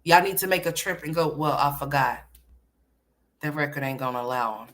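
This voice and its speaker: A woman hosts a casual reaction commentary with a slightly low voice. She is blunt, sassy and freely profane as she talks back at a clip and chats with her viewers. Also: fairly quick, a bit bright. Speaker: commentary host.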